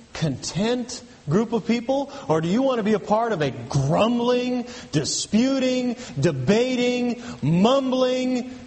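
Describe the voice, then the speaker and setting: High-voiced man preaching in a reverberant hall. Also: darkish tone. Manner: emphatic, repetitive preaching with rhetorical questions. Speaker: pastor. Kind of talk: sermon.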